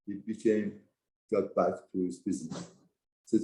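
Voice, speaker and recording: A man giving a Torah class, telling a story with lively emphasis and broken English phrasing. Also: lowish voice, moderate pace, vocal fry, roomy sound, poor audio. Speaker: Torah teacher. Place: study hall.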